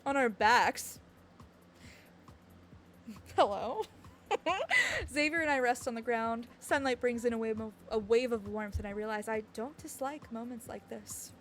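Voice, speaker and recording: A woman's voice: a little high, lively intonation, unhurried, fairly bright tone, slight background noise. A woman streamer chatting casually and reading game text aloud, giggling often.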